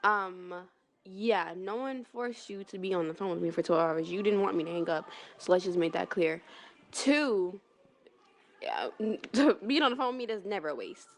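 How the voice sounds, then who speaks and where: A woman putting on a sassy young woman snapping back in an argument, petty and insistent. She piles on repeated words for emphasis at a mid-range pitch. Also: expressive, moderate pace, natural voice. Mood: petty, defensive.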